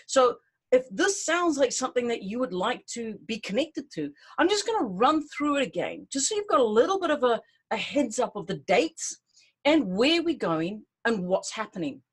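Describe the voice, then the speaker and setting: A woman's voice: fairly high pitch, big pitch swings, normal speed, breathy edge. A middle-aged woman hosting, chatting enthusiastically and informally about an upcoming tour, with many fillers and restarts. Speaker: tour host. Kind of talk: casual promotional talk to camera.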